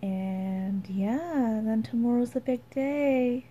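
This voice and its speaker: A woman's voice: fairly high pitch, takes it slowly, mellow, lo-fi sound, slight background noise. A woman chatting casually to camera in a vlog, rambling with lots of fillers, recorded on a handheld phone in a parked car. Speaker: vlogger and expectant mother.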